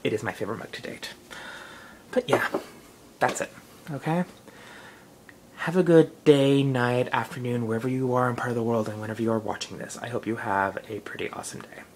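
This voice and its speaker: A man's voice: mid-range voice, steady tone, fast, a little hiss or hum, poor audio. A young man, rambling loosely in a casual late-night vlog, full of fillers. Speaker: vlogger.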